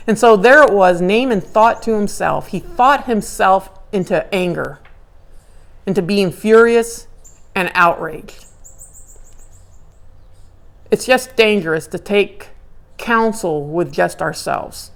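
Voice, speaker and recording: A woman giving a conversational Bible lecture, animated and acting out characters' inner dialogue. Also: mid-range voice, unhurried, creaky. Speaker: Bible teacher.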